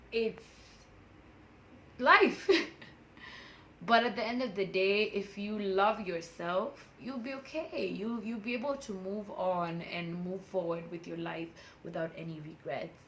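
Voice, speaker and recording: Lady in her 20s doing a heartfelt self-help vlog, kinda low voice, faint hum behind her. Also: low-quality recording. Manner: candid and emotional, with frequent laughs. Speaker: vlogger. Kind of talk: personal motivational vlog.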